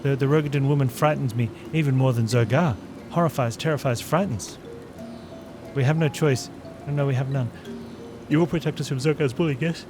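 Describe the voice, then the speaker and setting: A man voicing a nervous little kobold creature that repeats every phrase with three synonyms, reading game dialogue over loud game music. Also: mid-range voice, a little fast, close to an everyday voice. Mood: pleading.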